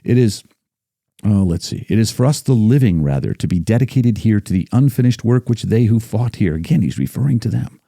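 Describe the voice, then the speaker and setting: A man's voice: lowish voice, expressive, a little fast, vocal fry, mellow, no room sound, studio quality. A man, a battlefield guide guest on a podcast, speaking emphatically and reciting passages with building force. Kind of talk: casual podcast discussion.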